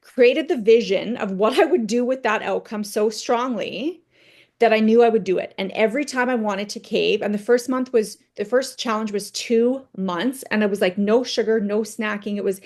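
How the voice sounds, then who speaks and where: At normal speed, a woman with a voice on the high side and a little mellow leads a conversational, motivational team training. She relies on personal stories to make points and checks in with "right?"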